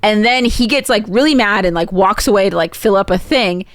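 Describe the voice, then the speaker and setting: A woman in a casual podcast chat, rattling off what happened in a scene with a string of "like"s and quick asides. Her pitch sits in the middle of the female range, and the sound is dry and close with no room around it. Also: no room sound. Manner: quick, chatty retelling full of "like". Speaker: podcast co-host.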